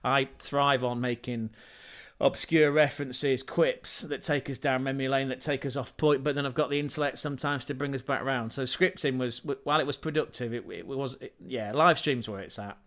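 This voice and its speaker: A man's voice: mid-range voice, steady tone, moderate pace, fairly bright tone. Male streamer with a mid-range voice, chatting off the cuff, scattered and self-mocking, with lots of restarts. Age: adult parent. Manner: scatterbrained, digressive, self-deprecating, frequent restarts and chuckles. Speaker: channel host and livestreamer. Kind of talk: casual rambling livestream chat.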